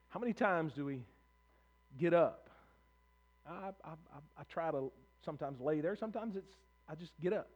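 High-voiced earnest male preacher. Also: expressive, normal speed. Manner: earnest, emphatic, repeats words when building a point; acts out prayers in first person. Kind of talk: sermon.

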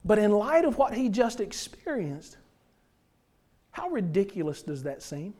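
High-voiced preacher. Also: male voice, big pitch swings, measured pace, darkish tone. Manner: earnest, explaining scripture verse by verse. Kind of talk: sermon.

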